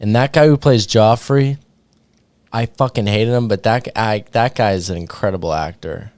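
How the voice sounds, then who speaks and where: A man hosts a podcast in easy, rambling conversation, leaning on 'like' and 'dude' as he talks. His voice sits on the low side. The sound is close and dry, with no room around it. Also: normal speed, darkish tone, no room sound. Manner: loose, filler-heavy, says 'like' and 'dude' a lot. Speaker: podcast host. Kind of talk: casual chat.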